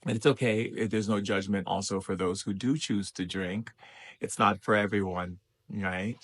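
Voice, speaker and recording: A man hosting a spiritual livestream who talks gently and affectionately to viewers and reads their chat messages aloud. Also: lowish voice, fairly even intonation, normal speed. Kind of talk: live-stream talk to viewers, reading chat.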